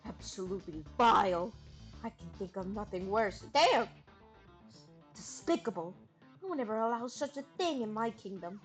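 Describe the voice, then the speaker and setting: A woman's voice: mid-range voice, animated, normal speed, soft background music, natural voice. A woman voicing a proud, stern royal cat princess from a game in a haughty, disdainful tone.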